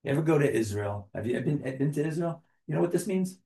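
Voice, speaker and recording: A man's voice: a little high, expressive, quick pace, mellow. Man teaching a class in an echoey room. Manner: asks the group questions and jokes with them. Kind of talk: interactive class talk.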